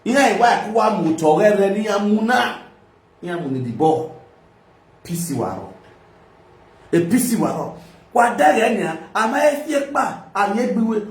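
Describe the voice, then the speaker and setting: A man with a Nigerian accent hosting a live video, giving a loud, sing-song political rant that mixes pidgin and local languages. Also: high-pitched, big pitch swings, moderate pace, pauses often, far from the mic. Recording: echoey room.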